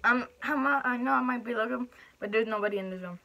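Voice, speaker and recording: A woman's voice: on the high side, quick pace, gravelly, bright, forceful tone. A young woman chatting casually between bites in a home eating vlog, bubbly and chatty, in a small bedroom. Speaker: mukbang vlogger.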